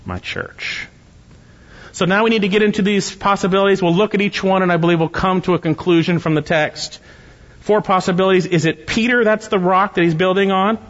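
A man's voice: high-pitched, a bit bright, in a large hall, muffled recording. A man preaching an expository sermon, earnest and teaching through rhetorical questions. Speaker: pastor.

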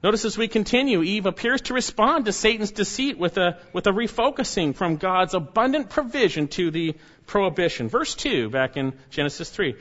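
A man's voice: sits high, lively intonation, brisk, few pauses, a bit bright. A male pastor preaching an expository sermon, stressing key words with sudden rises. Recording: dull lo-fi recording.

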